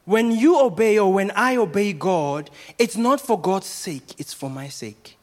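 Man, pastor, high voice, preaching, rhetorical questions. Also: expressive, a little slow. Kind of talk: sermon.

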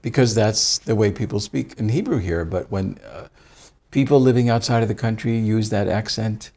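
An American man with a voice on the lower side talks as a guest in a relaxed interview. He is a rabbi who tells anecdotes with dry, self-deprecating humor and lively emphasis. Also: normal speed. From United States. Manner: wry, self-deprecating humor, animated storytelling. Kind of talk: casual conversational interview.

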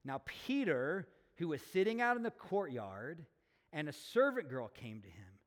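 Earnest preacher in a reverberant hall. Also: male voice, fairly high pitch, sing-song, measured pace. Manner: earnest, building to emphatic intensity. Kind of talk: sermon with scripture reading. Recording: long reverb of a large hall.

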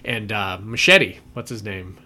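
A man's voice: on the low side, expressive, measured pace, sharp tone, a little hiss or hum. A man in casual podcast chat, retelling film scenes in a rambling way with many fillers and laughs.

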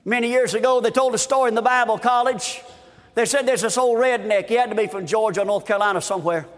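A man preaching a fervent revival sermon, shouting and repeating his refrains, recorded at a conference. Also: high voice, quick pace, big-room sound. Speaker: guest preacher.

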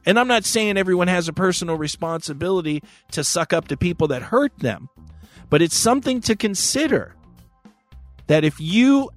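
A man's voice: sits high, lively intonation, moderate pace, no room sound, faint music behind. A man hosting a podcast, talking candidly and casually, with frequent swearing and laughter. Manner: candid, profane, laughs often. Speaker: podcast host. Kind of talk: casual chat.

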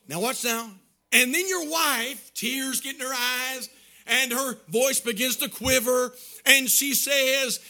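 A man preaching in a strikingly high, sharp and piercing voice. He rides a rhythmic, sing-song cadence that swells into shouts, then drops into chuckling, folksy asides to his congregation. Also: fairly even intonation, measured pace. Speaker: pastor. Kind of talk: sermon.

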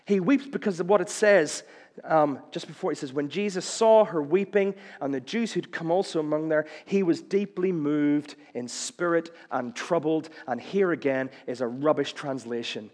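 A man's voice: on the high side, normal speed, darkish tone, long reverb tail. A man preaching a sermon in a conversational way, with wry jokes and questions to the listeners.

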